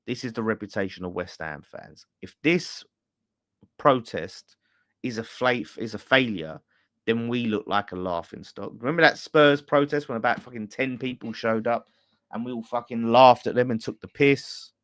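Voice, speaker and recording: Blunt, sweary football fan. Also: male voice, medium pitch, normal speed, no echo, clean studio sound. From England. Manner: blunt, sweary, exasperated ranting. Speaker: fan channel presenter. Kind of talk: casual fan chat.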